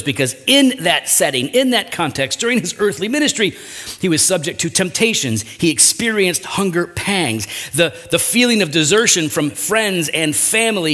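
Man preaching with wide pitch swings. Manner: earnest preaching with rhetorical asides and wide swings in pitch and loudness. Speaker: pastor. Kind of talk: sermon.

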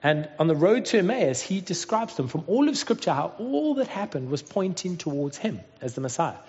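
A man in his thirties preaching a sermon, telling a family story with animated acted-out voices. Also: high voice, moderate pace. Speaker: pastor. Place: Cape Town. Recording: dull sound with long hall reverb.

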